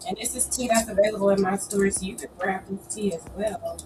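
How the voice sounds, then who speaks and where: A woman with a sniffly, oncoming cold leads a live writing session, chatting playfully and encouragingly with plenty of "y'all" and "child." Her medium-pitched voice has fairly even intonation and moves fairly quickly with few pauses. Music runs in the background, and the audio is poor.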